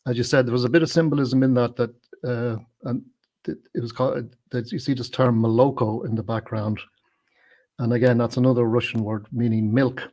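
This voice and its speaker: A man with a gravelly, creaky voice at a middle pitch talks through a film in casual discussion. He pauses often and restarts with fillers as he explains the slang words one by one. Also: a little mellow. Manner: hesitant, many fillers and restarts; explanatory, unpacking invented slang. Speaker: film review co-host.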